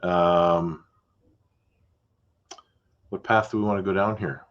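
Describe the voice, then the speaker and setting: A man hosting a podcast as a realtor, chatting casually and relaxed, with fillers and asides. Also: deep voice, slow, highs cut off. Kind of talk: casual chat.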